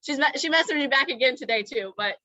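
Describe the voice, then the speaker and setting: A young woman co-hosting a casual chat, excitable and rambling, fangirling. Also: high voice, fast talker, dry recording, dull audio. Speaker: co-host.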